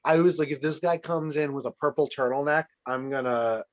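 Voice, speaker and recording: A man's voice: mid-range voice, fairly quick. A man hosting a game show over a video call, playful, stammering and repeating his words.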